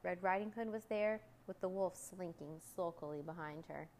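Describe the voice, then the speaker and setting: A woman's voice: fairly low pitch, moderate pace, a little mellow. Woman reading a children's story aloud.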